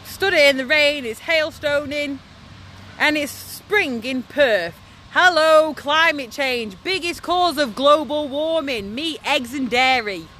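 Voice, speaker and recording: A woman's voice: sits high, slow, pushed and bright, slight background noise. A woman activist delivering an angry, impassioned vlog monologue outdoors by a slaughterhouse in the hail and rain. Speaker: animal rights activist.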